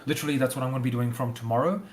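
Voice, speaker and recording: On a casual livestream, a game developer talks through his ideas, thinking aloud in long, loose stretches full of repeated fillers and restarts. His male voice sits at an ordinary middle pitch, steady in tone and very fast.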